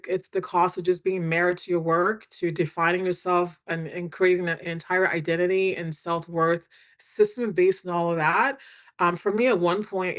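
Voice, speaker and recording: Chatty middle-aged woman telling her story. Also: lowish voice. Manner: chatty, animated retelling with many fillers and quoted dialogue. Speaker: guest, attorney and author. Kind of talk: candid storytelling in a podcast interview.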